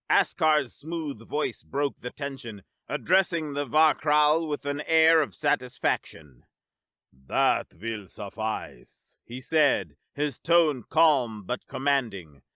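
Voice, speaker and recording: A male narrator reading a science-fiction story at a slow, measured pace. His voice is bright and forward, and the recording is dry and close to the mic. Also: fairly high pitch, dry recording. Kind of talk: scripted sci-fi story narration.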